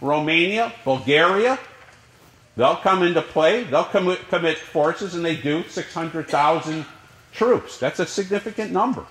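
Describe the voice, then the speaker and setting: A man teaching a college history class, lecturing in a lively way and asking the class questions. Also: a little high, measured pace, echoey room, poor audio. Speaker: history professor.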